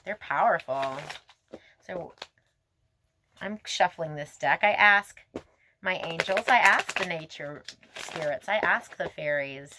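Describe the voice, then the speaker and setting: A woman giving a tarot reading to her viewers, talking in a gentle, emotive, spiritual way that wanders from thought to thought. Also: lowish voice, animated, takes it slowly, pauses often, heavy background noise. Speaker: tarot reader.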